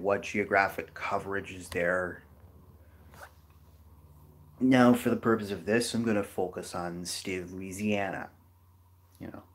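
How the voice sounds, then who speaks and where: A man giving a casual geography lecture over a map, rambling with many fillers and restarts. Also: low voice. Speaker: geography educator.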